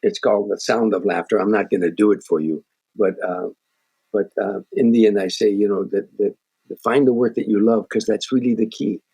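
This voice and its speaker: A man's voice: on the low side, fairly even intonation, brisk, vocal fry, mellow, breathy edge. A man, a guest comedian on a podcast, telling stories and giving earnest motivational advice, often restarting his sentences. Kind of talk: podcast interview storytelling.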